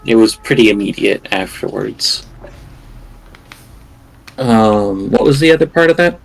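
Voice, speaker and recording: A man serving as game master and storyteller, pausing often and searching for words. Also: fairly low pitch, animated, gravelly. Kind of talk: narrating a tabletop game.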